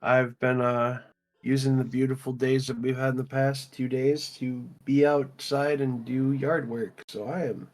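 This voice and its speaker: A man's voice: mid-range voice, measured pace. Laid-back man leading a game raid. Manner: relaxed, talks loot through aloud. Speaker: streamer and raid leader. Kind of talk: casual game-stream chat.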